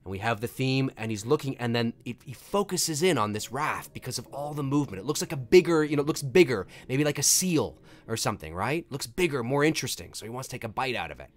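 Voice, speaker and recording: Excitable man with a lively voice. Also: mid-range voice, fast talker, few pauses. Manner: excitable, swears freely, reads chat aloud. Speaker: host giving live movie commentary. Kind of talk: casual live commentary.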